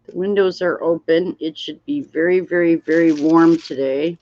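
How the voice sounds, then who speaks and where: A woman's voice: deep voice, steady tone, warm tone. A tired woman hosting a casual livestream while crafting, rambling and greeting viewers from chat. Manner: slow, rambling, reads chat aloud. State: tired, yawning. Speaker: livestream host. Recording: dull lo-fi stream audio.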